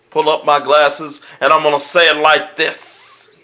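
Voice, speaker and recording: Guy doing a sports vlog, loud bold picks, keeps repeating himself, bright punchy voice. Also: on the high side, level tone, moderate pace, hardly any pauses. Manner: brash, emphatic predictions; repeats catchphrases. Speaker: sports show host. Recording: dull lo-fi recording.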